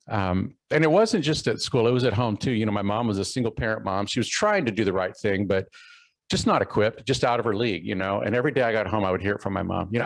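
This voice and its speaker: A man's voice: on the low side, expressive, fast, vocal fry, dry recording, poor audio. A middle-aged man from Texas giving a keynote talk, telling a personal story with many fillers and restarts. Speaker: keynote speaker.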